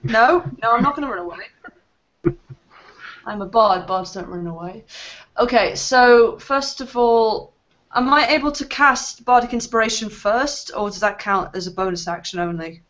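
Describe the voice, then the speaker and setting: A woman plays in a tabletop game, talking in a bright, chatty voice and laughing easily. The sound is dull and lo-fi. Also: on the high side, unhurried. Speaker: player. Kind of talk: casual tabletop play.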